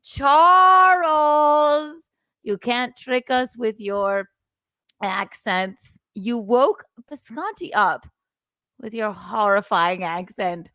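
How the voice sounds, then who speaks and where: A woman's voice: medium pitch, slow, a bit bright, dry recording. A woman host chatting casually and teasing a friend, with lots of laughter. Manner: giggly, teasing. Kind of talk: casual chat.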